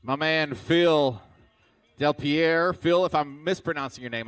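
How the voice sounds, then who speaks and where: A man's voice: a little high, a little slow, a bit bright, clean tone. A man announcing a live arena fitness competition, hyped and cheering the athletes on. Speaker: event announcer. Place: large indoor arena.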